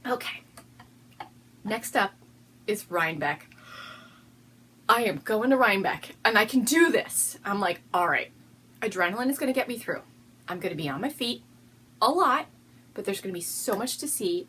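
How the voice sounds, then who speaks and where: A woman's voice: on the high side, big pitch swings, normal speed, fairly bright tone, a little hiss or hum. Bubbly, giggly woman podcaster. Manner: giggly, bubbly, prone to fits of laughter. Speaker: podcast host. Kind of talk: casual chatty video podcast.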